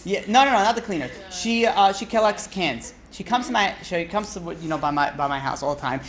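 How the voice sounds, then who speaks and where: A man's voice: high voice, lively intonation, brisk, a bit bright. A man, a rabbi, teaching an informal class in a chatty, joking way, often asking "right?" and "you know".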